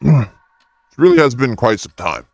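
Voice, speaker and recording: A man voicing a vengeful ghostly spirit who delivers slow, menacing threats. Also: mid-range voice, big pitch swings, creaky, dry recording.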